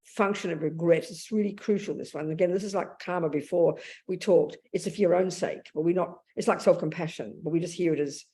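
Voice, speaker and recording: A woman's voice: lowish voice, steady tone, brisk, few pauses, mellow. Blunt, plain-spoken woman in her 70s teaching. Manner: acts out inner speech vividly. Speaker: Buddhist nun teacher. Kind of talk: Buddhist dharma talk.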